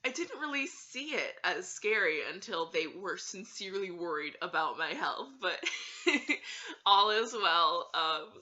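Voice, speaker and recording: A woman's voice: fairly low pitch, animated, normal speed, pushed and bright, highs cut off. A woman telling a story in a casual vlog, giggly and hesitant, with plenty of fillers.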